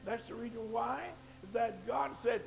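High, gravelly preaching man. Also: unhurried, faint music behind. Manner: swings between low asides and shouted fervent climaxes. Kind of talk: sermon. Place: church.

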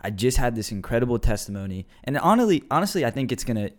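A man's voice: mid-range voice, very animated, fast. A young man in casual conversation, reflective and earnest as he shares personal stories. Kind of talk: casual chat. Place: live stream studio.

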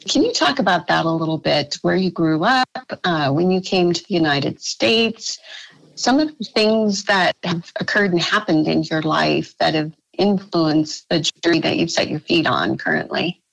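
A woman hosts a radio interview, gracious and encouraging toward her guest. Her voice sits a little low for a woman. The studio sound is close and dry. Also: lively intonation, moderate pace, gravelly, dry recording, low-quality recording. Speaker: radio host.

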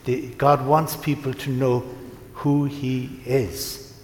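A priest preaching to his congregation, telling a story in a gentle, unhurried way with pauses. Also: mid-range voice, little pitch movement, a little hiss or hum. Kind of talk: sermon. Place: large church. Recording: echoey church from a distance.

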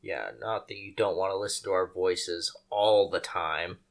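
A man's voice: low-pitched, fairly even intonation, normal speed. A man co-hosting a casual podcast, teasing the others with sarcastic asides. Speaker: podcast co-host.

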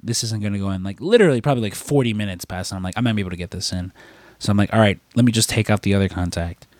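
Low-voiced man in casual chat. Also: racing, a little mellow, dry recording. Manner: rambling storyteller, swears freely. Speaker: podcast co-host.

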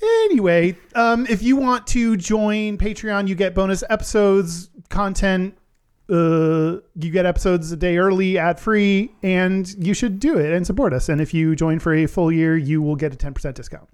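Playful man with a fairly high voice. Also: normal speed, darkish tone, clear, resonant tone. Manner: laughs easily, playful. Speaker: podcast co-host. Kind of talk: casual podcast chat.

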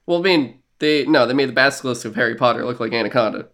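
A man's voice: mid-range voice, fast talker, fairly bright tone. A man co-hosting a podcast in casual chat, rambling and joking with casual swearing. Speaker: podcast co-host.

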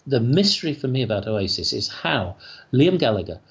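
A British music writer, a guest on a podcast interview over a video call, talking in expressive, emphatic bursts. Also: male voice, medium pitch, moderate pace, slightly rough, muffled recording. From Britain.

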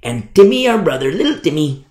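A man preaching a sermon, animated storytelling that acts out the people in it. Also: on the high side, brisk, reverberant. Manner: animated storytelling, acting out voices.

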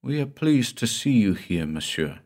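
A man's voice: medium pitch, big pitch swings, normal speed, natural voice. A man voicing a pale, melancholy young wife, speaking in a subdued, weary, polite way.

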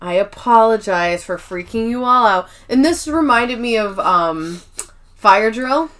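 A young adult woman co-hosting a podcast, casually recapping a TV episode and acting out the characters' lines in quick voices. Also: fairly high pitch, lively intonation, fairly bright tone. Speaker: podcast co-host.

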